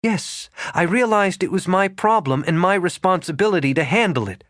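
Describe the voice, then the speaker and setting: A guarded, proper young woman who is quick to bristle, as a male narrator puts her on. The voice sits high and lively, rising and falling sharply. It is recorded close and dry, in an audiobook. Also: no room sound. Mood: pleading. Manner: indignant, clipped, rising to a high pitch. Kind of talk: audiobook character voice.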